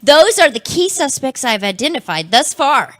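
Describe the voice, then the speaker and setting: A woman's voice: high-pitched, moderate pace, no echo, clean studio sound. Lobby, a chirpy lobster detective voiced by a woman. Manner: chirpy, excitable, giggly. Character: six-foot lobster detective, bumbling and starstruck. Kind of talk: improvised comedy audio play.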